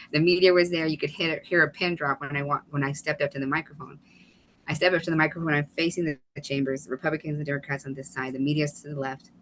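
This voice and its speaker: A woman guest on a video call webinar, telling an animated story with quick asides and laughter. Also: deep voice, a little hiss or hum, low-quality recording. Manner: animated, fast-paced storytelling with laughs and restarts. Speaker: guest, author and former state legislator.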